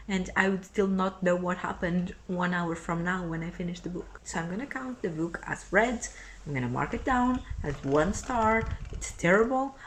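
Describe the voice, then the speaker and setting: A young woman vlogger venting in a casual reading vlog, exasperated and dramatic, her voice swinging between muttered complaints and near-shouts. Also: on the low side, noisy background. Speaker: book vlogger.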